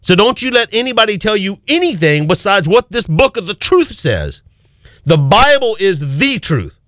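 A man's voice: high-pitched, very animated, normal speed, a bit bright, no room sound, clean studio sound. A man preaching an impassioned sermon, quoting scripture and acting out the voices of doubters.

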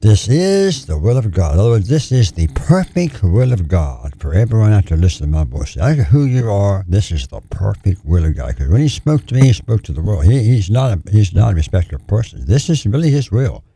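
Gravelly, deep-voiced preacher man. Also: big pitch swings, a little fast, few pauses, warm tone, no room sound. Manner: earnest, pleading, repetitive emphasis. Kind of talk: call-in ministry sermon.

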